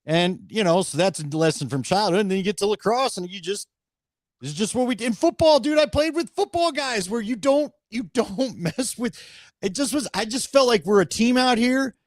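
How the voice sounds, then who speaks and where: High-voiced man, dry close sound. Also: lively intonation, moderate pace, no room sound. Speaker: host. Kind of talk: casual sports talk.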